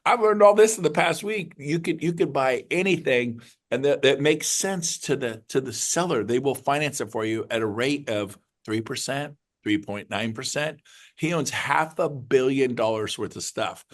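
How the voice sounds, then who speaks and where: A middle-aged man, a realtor, giving an excited, rambling motivational talk to his group. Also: mid-range voice, normal speed. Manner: excited, rambling, jumps between numbers. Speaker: realtor leading a mastermind call.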